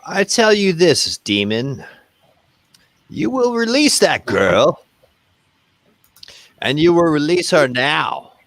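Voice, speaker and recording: A man playing a tabletop game, voicing his character with booming threats. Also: sing-song, slow, long pauses, fairly bright tone, no echo. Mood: menacing. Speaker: player.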